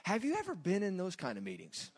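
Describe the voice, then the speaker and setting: Animated joking male preacher. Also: sits high, fast talker. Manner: animated, joking, rising to loud bursts. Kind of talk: sermon.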